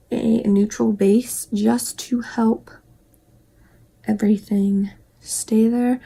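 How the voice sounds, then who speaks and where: A woman's voice: medium pitch, vocal fry, dark tone, slightly rough. A young woman from West Virginia chatting casually through a makeup tutorial, rambling and dropping into whispered asides. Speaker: beauty vlogger.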